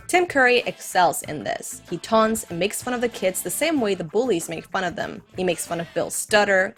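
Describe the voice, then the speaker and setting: Woman hosting a film commentary. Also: mid-range voice. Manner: enthusiastic, addresses viewers directly. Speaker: video essay host.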